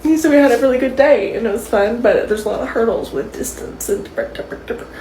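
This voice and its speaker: A tearful woman talks into her phone, rambling and halting with fillers. Her voice rings in an echoey room, with a faint hiss underneath. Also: on the high side, dark tone. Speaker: TikTok poster. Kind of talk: confessional vlog.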